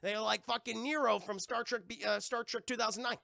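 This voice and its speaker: A man's voice: very high voice, steady tone, brisk, vocal fry, pushed and bright, dry recording, clean studio sound. A man streaming, casually recapping a movie to his chat, rambling and swearing constantly. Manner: profane, rambling.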